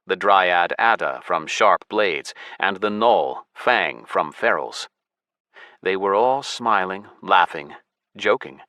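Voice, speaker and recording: A man narrating a fantasy novel in the first person, steady and measured, as an audiobook reader on a close studio mic. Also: low-pitched, clean tone, no echo.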